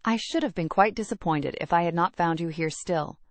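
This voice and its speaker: A woman's voice: lowish voice, brisk, no room sound, natural voice. A woman voicing a gushing, fawning young lady in an audiobook. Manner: eager, insinuating chatter.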